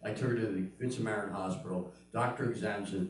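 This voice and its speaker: An older man with a lowish voice performs a fast stand-up comedy routine, telling punchy stories and acting out the voices of the people in them. The room is very echoey and the mic sits at a distance.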